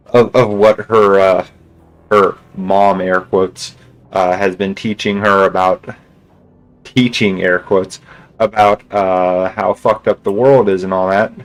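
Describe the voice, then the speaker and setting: A man's voice: fairly low pitch, poor audio. A male streamer casually retelling a story in a rambling way, full of restarts and filler words. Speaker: game streamer.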